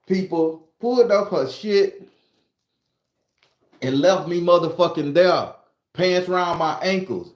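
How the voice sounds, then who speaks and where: A man from southern Florida telling a wild personal story in a casual, profane, rambling way, climbing higher and louder as he gets worked up. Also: lively intonation, slow, pauses often. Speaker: storytelling channel host. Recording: roomy echo.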